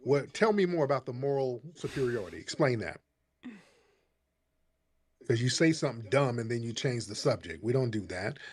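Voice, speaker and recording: A man's voice: medium pitch, lively intonation, moderate pace, pauses often, darkish tone. Call-in host, man, combative and mocking, mid-range voice. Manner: combative, mocking, talks over the caller. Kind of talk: heated call-in debate.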